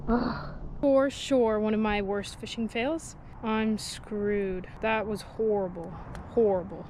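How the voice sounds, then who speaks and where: A woman's voice: medium pitch, steady tone, slow pace. A young woman in casual vlog talk, fishing by the water and joking with her viewers in a chatty way. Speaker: fishing vlogger. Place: outdoors by the water. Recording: faint outdoor background noise.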